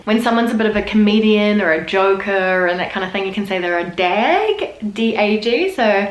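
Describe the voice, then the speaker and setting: A woman's voice: medium pitch, moderate pace, hardly any pauses, echoey room. A young adult woman with a New Zealand accent, explaining local sayings in a casual vlog and acting some of them out. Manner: chatty, acts out sayings in a lively put-on voice. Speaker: vlogger.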